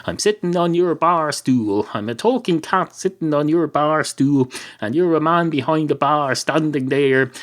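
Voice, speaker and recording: An Irish man voicing a smug, pedantic male cat at a bar in a rambling, deadpan improvised comedy monologue. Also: on the high side, a little slow, pitched above the performer's own voice, natural voice.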